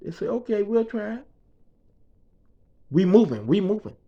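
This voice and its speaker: Using casual slang laced with profanity, a man from the Bahamas recounts a personal story, voicing other people's lines and repeating phrases to build rhythm. He speaks at a normal pace in a high-pitched, very animated voice, captured in a slightly dull lo-fi recording.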